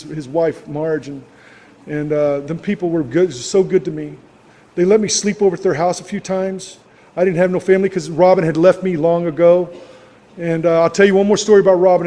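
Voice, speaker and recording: A man's voice: sits high, dark tone, long reverb tail. An older man telling his personal story to a recovery meeting, plainspoken and rambling, with lots of fillers. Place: club meeting hall.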